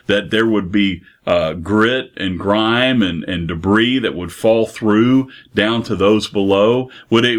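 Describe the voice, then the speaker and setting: A man preaching a sermon, earnest, posing rhetorical questions and slowing down for emphasis. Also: fairly low pitch, fairly bright tone.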